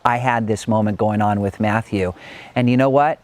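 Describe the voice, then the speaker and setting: A middle-aged man giving a personal motivational talk from his home, earnest and reflective, chatty and sometimes animated. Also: lowish voice, normal speed. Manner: earnest and reflective, chatty with frequent "like" and "you know"; animated when recounting, with light laughs. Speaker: motivational speaker.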